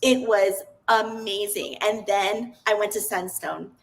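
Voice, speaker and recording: A woman's voice: medium pitch, slow pace, poor audio. A woman, a podcast guest, telling her personal story in an earnest, open way, often restarting her sentences.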